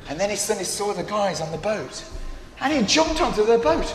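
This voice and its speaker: A man telling a Bible story in a playful, animated way with frequent asides to listeners. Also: sits high, a little fast, faint music behind. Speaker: storyteller for a congregation. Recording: echoey hall with faint ambience.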